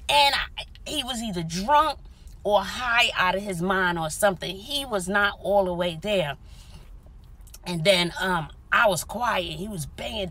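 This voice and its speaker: Bright-voiced woman telling a car story. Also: mid-range voice. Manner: animated, dramatic retelling with whispered asides. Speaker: vlogger. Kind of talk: casual storytelling to camera. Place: inside a parked car.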